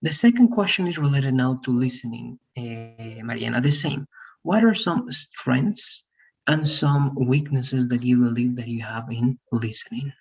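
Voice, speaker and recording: A man's voice: mid-range voice, lively intonation, a little slow, gravelly, breathy edge, rough recording. A man teaching an English lesson over a video call, patient, often checking in with "right?". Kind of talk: one-on-one online English lesson.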